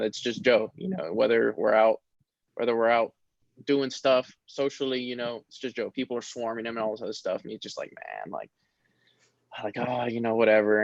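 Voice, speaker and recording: A young man, a college football player, talking casually in an interview, relaxed and rambling with many fillers. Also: mid-range voice, gravelly, dry recording. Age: young adult. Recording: dull lo-fi sound.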